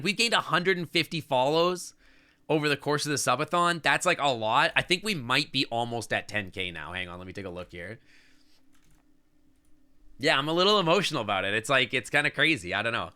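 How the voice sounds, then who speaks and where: A man's voice: mid-range voice, animated, fairly quick, sharp tone, smooth. A man streaming live, chatting casually and sentimentally to his chat, rambling with lots of "like" and "I don't know". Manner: reads and answers chat as he talks.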